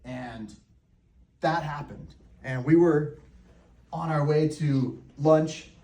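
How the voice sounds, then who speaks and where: A man, a real estate coach, telling a story to a live audience with laughs and lively asides. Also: a little high, slow pace, creaky, reverberant, far from the mic. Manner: animated, laughing, talks to the crowd.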